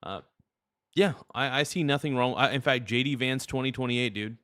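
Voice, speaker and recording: A man's voice: mid-range voice, moderate pace, fairly bright tone, dry recording, clean studio sound. A man hosting a livestream, chatting casually and crudely while thanking viewers for gifts. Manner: rambling, joking, crude. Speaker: livestream host.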